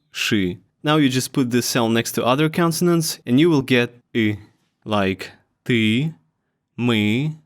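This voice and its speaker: Man, Russian accent, language teacher, slow and deliberate, repeats every word twice. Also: medium pitch, fairly bright tone. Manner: demonstrates sounds slowly, repeating each word twice. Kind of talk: unhurried pronunciation lesson.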